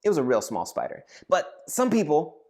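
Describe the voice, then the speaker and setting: A man in his thirties telling a comic personal story on his own channel, animated and acting out voices and shouts. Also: fairly high pitch, moderate pace. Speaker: storyteller vlogger. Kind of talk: casual comedic storytelling.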